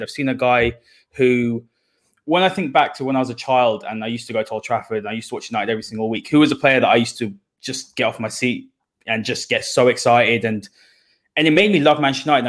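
A man in his twenties hosting a football podcast, talking fervently and emotionally about his idol. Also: medium pitch. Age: 20s. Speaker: podcast host.

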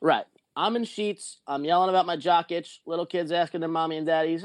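A man's voice: fairly high pitch, fairly even intonation, brisk, no room sound. A man telling a rambling, profane story in a casual podcast chat. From not from Jersey or Pennsylvania.

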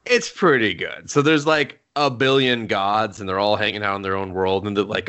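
A man's voice: lowish voice, moderate pace, few pauses, a bit bright, clear, resonant tone. A man co-hosting a casual podcast, retelling a story animatedly, laughing often and swearing freely. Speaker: podcast co-host.

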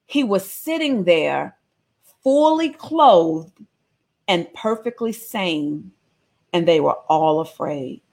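A woman's voice: on the low side, expressive, takes it slowly, creaky, darkish tone. A woman teaching a Bible passage in a casual, slangy, storytelling sermon.

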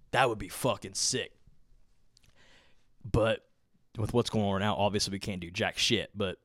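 A man's voice: medium pitch, no echo, clean studio sound. A young man hosting a podcast, telling a long rambling story with lots of swearing and filler words. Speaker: podcast host. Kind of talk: casual storytelling.

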